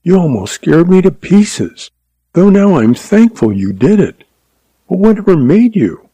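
A man's voice: high-pitched, sing-song, a little slow, dark tone, slightly rough, no room sound, voice pushed up, exaggerated voice. A man voicing a young woman, a newly wed bride, with breathless exclamations. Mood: relieved. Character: young frightened then grateful bride, a woman.

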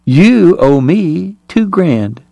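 A sly saloon woman, airy and purring, teasing the room, as a male narrator puts her on. The voice is pushed well up in pitch, recorded dry and close. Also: sing-song, drawn-out words, creaky, warm tone, no room sound, exaggerated voice.

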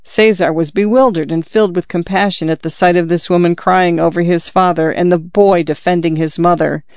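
Man narrating an audiobook in a high voice. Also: fairly even intonation, fairly quick, a little mellow, no echo, lo-fi sound.

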